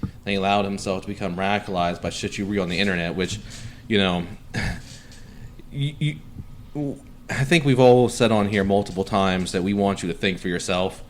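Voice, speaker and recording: Brief: male podcast host, lowish voice, swears freely, sarcastic and rambling, faint background hiss. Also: fairly even intonation, normal speed. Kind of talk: casual podcast chat.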